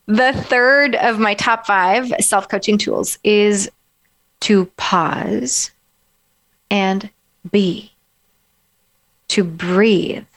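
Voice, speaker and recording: A woman life coach giving a gentle, encouraging self-help talk and guiding the listener through slow breaths. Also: medium pitch.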